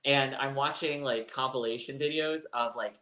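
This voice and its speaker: A man's voice: medium pitch, fairly even intonation, moderate pace, bright, forceful tone, echoey room. A man co-hosting a live chat show, telling a personal story in a candid, rambling way. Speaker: co-host. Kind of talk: casual chat.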